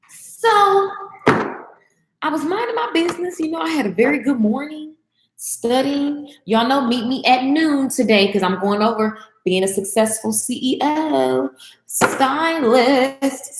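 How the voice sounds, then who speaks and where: A woman's voice: mid-range voice, background noise. Woman, casual cooking chat, talks to viewers as y'all, echoey kitchen. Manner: chatty, talks to viewers as y'all, Southern slang. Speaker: vlogger and business coach. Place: home kitchen.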